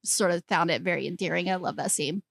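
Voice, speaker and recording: A woman's voice: lowish voice, fast, vocal fry, no echo. A woman co-hosting a podcast, animatedly retelling a funny horror scene and acting out the characters' lines. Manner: animated storyteller, acts out lines. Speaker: podcast co-host. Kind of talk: casual film discussion.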